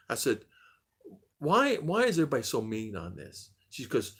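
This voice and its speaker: A man's voice: medium pitch, wildly swooping pitch, moderate pace, fairly bright tone, slightly rough. An older man, host of a casual chat stream, rambling through a story and acting out the quoted dialogue with animation.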